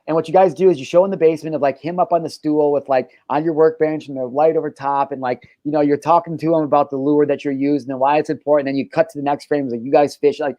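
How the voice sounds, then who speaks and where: A man's voice: fairly high pitch, fast, warm tone, dry recording. A man hosting a casual podcast, talking in a brash, boastful and profane way. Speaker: podcast host.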